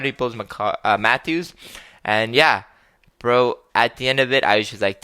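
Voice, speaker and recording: A man's voice: mid-range voice, normal speed, sharp tone, clear, resonant tone, dry recording. A young man hosting a podcast, telling a story in a casual, joking way and swearing offhandedly. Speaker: podcast host.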